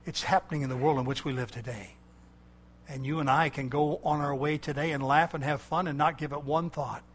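A male preacher delivering a fiery sermon in a fairly high voice. He builds through repeated, hammering phrases and shouted lines, then drops to a low, grave intensity. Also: fairly even intonation, brisk. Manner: impassioned, swinging from loud shouting to low intense tones; repetitive emphatic cadence.

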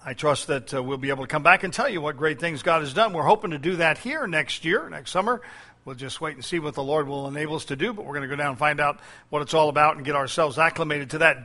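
High, bright-voiced man preaching a sermon. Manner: frequent fillers, repeats key phrases. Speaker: pastor.

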